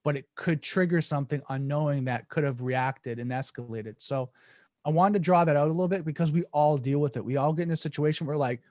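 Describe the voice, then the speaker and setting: A man's voice: medium pitch, fairly quick, darkish tone, no echo. A man guesting on a podcast, explaining in an earnest, casual way and acting out sample dialogues, with many restarts. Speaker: podcast guest, negotiation coach.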